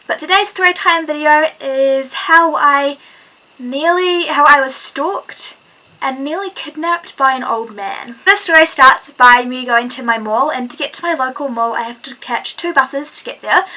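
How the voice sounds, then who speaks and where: A teenage girl from New Zealand tells a story to her vlog viewers in a loose, rambling way, full of fillers. Her voice sits a little high and rings bright and sharp. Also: rough recording. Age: teens. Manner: chatty, rambling, lots of "like" and "and stuff". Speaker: vlogger.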